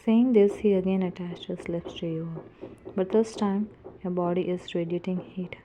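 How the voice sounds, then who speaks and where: Brief: woman reading a romance story aloud, lowish monotone, noisy home recording. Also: normal speed, lo-fi sound. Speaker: fan-fiction narrator.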